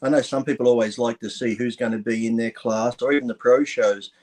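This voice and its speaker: A man's voice: mid-range voice, fairly quick. Male podcast guest, easygoing rambler, mid-range voice. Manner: relaxed, rambling, laughs often, swears. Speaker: guest, retired pro bodybuilder. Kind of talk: casual chat.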